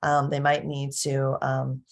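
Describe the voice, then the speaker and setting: A woman's voice: very deep voice, completely flat delivery, takes it slowly. A woman giving a casual parenting lesson in a chatty way, laughing often and checking in with her listeners. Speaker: parenting coach. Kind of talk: casual teaching talk.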